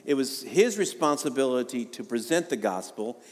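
A man's voice: medium pitch, lively intonation, normal speed, long reverb tail. A male pastor preaching a sermon in a conversational way, with jokes and rising emphasis.

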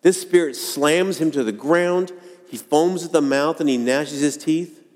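A man preaching a sermon to a congregation, earnest and dramatic, acting out quoted lines with pauses. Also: a little high, a little mellow. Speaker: pastor. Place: church sanctuary. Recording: long hall reverb.

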